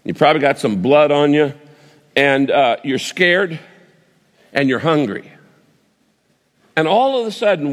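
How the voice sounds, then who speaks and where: A male pastor delivers a sermon as vivid storytelling, breaking off and restarting as he builds the scene. His voice sits fairly high for a man, and long reverb trails each phrase as in a large hall.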